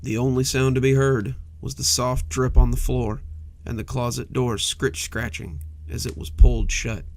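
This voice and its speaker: A man's voice: mid-range voice, moderate pace. A man narrating a cozy horror story in a scripted storytelling style. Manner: gravelly, animated storytelling.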